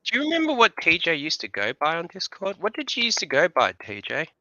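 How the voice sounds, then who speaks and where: A man co-hosting a livestream, talking offhand and quick about the chat. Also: fairly high pitch, huge pitch swings, sharp tone, no room sound, lo-fi sound. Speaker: co-host on a livestream.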